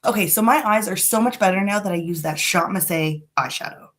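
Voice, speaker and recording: A woman's voice: medium pitch, fairly quick, a bit bright. Chatty woman doing a makeup vlog. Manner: chatty, frank, a bit dramatic. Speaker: beauty vlogger. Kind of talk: casual live makeup chat. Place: home room.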